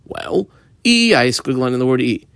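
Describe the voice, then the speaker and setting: A man teaching a Talmud page line by line, explaining each phrase and marking up the text as he goes, sometimes quick, sometimes slow and stressed. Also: medium pitch, huge pitch swings, creaky, fairly bright tone, no echo. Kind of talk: page-by-page study lesson.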